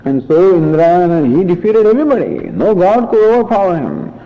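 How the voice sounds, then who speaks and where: A man teaching scripture in a patient, explanatory lecture, often pausing and restarting his sentences. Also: sits high, big pitch swings. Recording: dull lo-fi recording.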